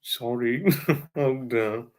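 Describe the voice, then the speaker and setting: A man's voice: medium pitch, fairly even intonation, drawn-out words, slight background noise. A man hosting a casual livestream, rambling chattily and greeting viewers by name. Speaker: livestream host.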